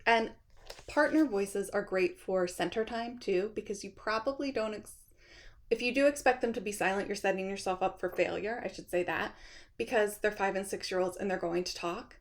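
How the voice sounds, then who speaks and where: A middle-aged woman, a kindergarten teacher, giving upbeat and chatty classroom tips straight to camera and often checking in with her listeners. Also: medium pitch. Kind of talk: friendly teaching talk to camera.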